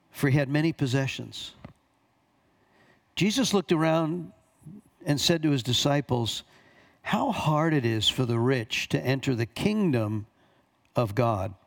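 A man's voice: medium pitch, creaky. A man preaching a sermon, reading scripture aloud and commenting on it with emphatic repetition. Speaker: pastor.

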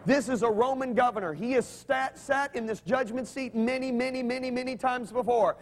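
A man's voice: very high-pitched, normal speed, slight background noise. A man preaching a sermon, telling stories animatedly and having the congregation repeat his words. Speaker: pastor.

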